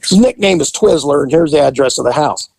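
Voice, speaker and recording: A man tells a story in a lively voice that swings up and down as he acts out each person in it. His delivery is casual and talkative. The sound is dry and close, with no room echo. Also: fairly high pitch, fast, vocal fry. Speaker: podcast host and former police officer.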